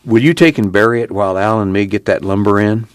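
Seorang pria memerankan ayah petani yang lelah dan praktis, berbicara dengan dialek pedesaan. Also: male voice, fairly low pitch, quick pace, smooth, no room sound, lightly acted. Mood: tired. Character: weary practical farming father.

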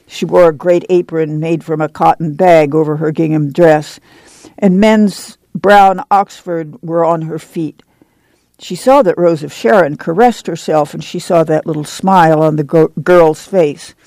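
A man reading a novel aloud as an audiobook narrator, measured and unhurried. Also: on the high side, fairly even intonation, a little mellow, dry recording. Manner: slow, measured storytelling.

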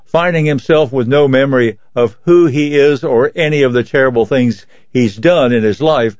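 A man volunteering as a reader for a reading service, reading magazine articles aloud in a steady, measured way. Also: mid-range voice, no echo. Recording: dull, lo-fi, dry sound.

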